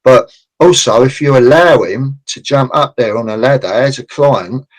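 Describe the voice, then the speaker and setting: A man's voice: medium pitch, normal speed, rough recording. A man as a podcast guest, talking casually and acting out conversations from building sites. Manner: chatty, acts out site conversations. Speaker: construction consultant guest.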